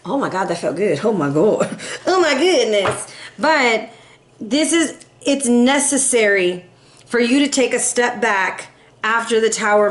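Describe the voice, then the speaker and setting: A woman's voice: on the high side, a bit bright. A woman giving a casual tarot reading, chatty and playful, swearing casually and acting out voices in quotes. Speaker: tarot reader.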